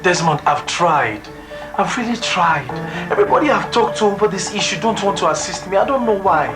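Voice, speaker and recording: A man's voice: high voice, brisk, over music, natural voice. A man playing a desperate young Nigerian man begging. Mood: pleading. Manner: pleading, repeating himself. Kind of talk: film drama acting. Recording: film audio with score and street traffic.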